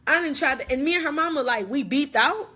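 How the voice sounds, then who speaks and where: A woman's voice: on the low side, measured pace, fairly bright tone. A young woman playing a dramatic ex-best friend who rambles through a slangy, repetitive rant on a phone livestream. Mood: heated, indignant. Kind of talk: comedic social media live rant.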